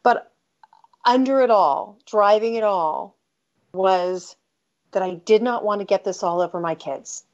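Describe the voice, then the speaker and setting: Unhurried and mid-range in pitch, a middle-aged American woman recounts a personal story in an interview where she's the guest, being an author. She speaks candidly and with emphasis, regularly breaking off to restart her sentences, captured in dull lo-fi sound.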